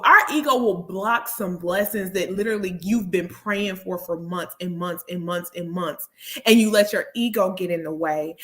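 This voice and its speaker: A woman's voice: mid-range voice, a bit bright. A woman hosting a motivational talk show, speaking earnestly and repeating key phrases for emphasis. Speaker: host; therapist and speaker.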